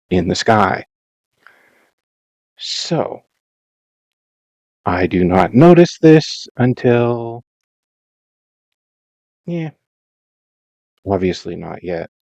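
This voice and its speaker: A man's voice: on the low side, lively intonation, very slow, long pauses, a little mellow, no echo, muffled recording. A man narrating his own gameplay in a rambling, self-mocking, dramatized way, in a casual voice-over. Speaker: Minecraft let's-play narrator.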